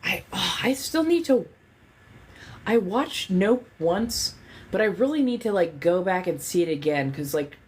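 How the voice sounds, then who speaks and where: A woman's voice: medium pitch, lively intonation, a little slow. A woman hosting a livestream in casual chat. She rambles candidly, swears freely and leans on lots of fillers. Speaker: livestream host.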